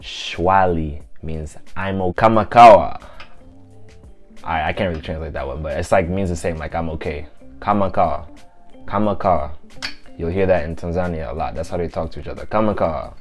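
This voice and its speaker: Deep-voiced male tutor, casual and unscripted, says each phrase over slowly, faint music underneath. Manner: repeats phrases slowly and clearly; relaxed, loose explaining with fillers. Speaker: language teacher. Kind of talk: casual language lesson.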